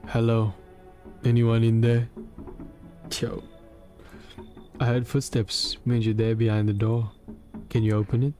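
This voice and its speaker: A man's voice: medium pitch, completely flat delivery, measured pace, long pauses, mellow, faint music behind, lightly acted. A man voicing an uneasy young male scavenger in a game, talking in a nervous, rambling, casual way.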